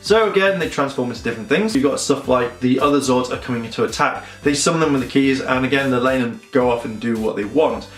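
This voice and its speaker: Bloke doing a chatty sarcastic review, kinda roomy echo, bit of music under it. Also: male voice, mid-range voice, quick pace, hardly any pauses. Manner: rambling and sarcastic. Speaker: fan reviewer. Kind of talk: casual episode review.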